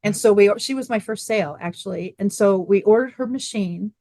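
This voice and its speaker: A middle-aged woman speaking as an interview guest, her voice sitting at a medium pitch. She tells her story in an animated way, slipping into the voices of her family. The sound is dry and close, with no room around it. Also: fairly quick, no echo. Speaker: guest, water machine business owner.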